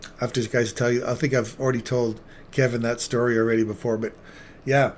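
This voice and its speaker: A man's voice: medium pitch, flat delivery, a little fast, slight background noise. A man hosting a live trading stream, chatting with viewers by name and commenting on the charts in a casual, upbeat way. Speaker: trading livestream host.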